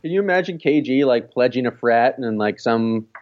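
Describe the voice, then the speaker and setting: A man's voice: mid-range voice, expressive, a little fast, lo-fi sound. A man co-hosting a casual sports podcast, rambling and peppering his talk with "like.". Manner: rambling with many "like" fillers. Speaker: podcast co-host.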